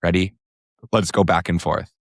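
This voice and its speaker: A man co-hosting a podcast, chatting casually and joking in quick bursts. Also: deep voice, fairly even intonation, dry recording, clean studio sound. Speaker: podcast co-host. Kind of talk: casual chat.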